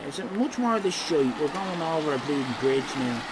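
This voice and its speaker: A man's voice: on the high side, lively intonation, a little fast, noisy background. A man giving rambling, teasing live-stream commentary over a city walk. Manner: jokey, rambling, teasing chat.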